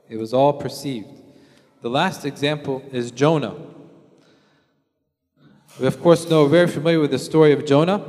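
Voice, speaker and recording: A man's voice: mid-range voice, steady tone, moderate pace, long pauses, a little mellow. A man preaching a conversational sermon, acting out everyday scenes in quoted voices. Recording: long hall reverb.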